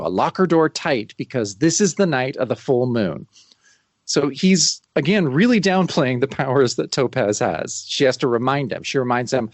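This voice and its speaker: A man co-hosting a podcast, chatting casually and retelling scenes in a relaxed, agreeable way. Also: mid-range voice, no echo. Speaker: podcast co-host. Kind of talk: casual chat.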